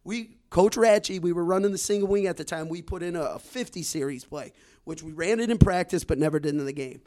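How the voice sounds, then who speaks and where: A man in his forties from Detroit telling a long story on a podcast. He talks in an animated way and repeats words as he builds his story. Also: sits high, a little fast. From Detroit, Michigan. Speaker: guest storyteller.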